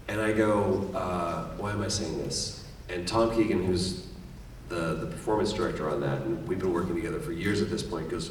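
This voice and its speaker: A man's voice: fairly low pitch, unhurried, long pauses. A middle-aged man speaking as a voice actor guest on a convention panel. He tells stories with energy and acts out quoted lines. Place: large convention hall. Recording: echoey hall, distant mic, faint noise.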